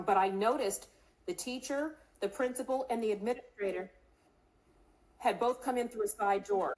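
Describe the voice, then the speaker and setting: A woman's voice: mid-range voice, normal speed, darkish tone, poor audio. Earnest woman telling a personal story. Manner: earnest storytelling, acting out quoted voices. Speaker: congressional candidate.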